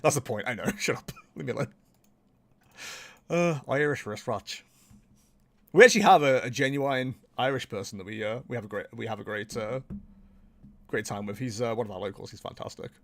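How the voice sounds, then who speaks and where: A man's voice: mid-range voice, a little fast, pauses often, fairly bright tone. A man hosting a livestream, chatting casually with many laughs and rambling restarts. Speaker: streamer and host.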